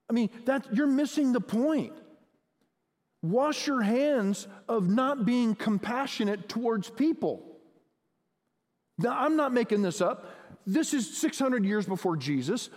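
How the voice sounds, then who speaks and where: A man with a high voice preaches a sermon, talking to the congregation as if in conversation and pressing harder as he goes. His voice rings out with the long reverb of a big church hall. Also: expressive, unhurried, a little mellow. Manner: conversational, asks the audience questions, builds in intensity. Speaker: pastor.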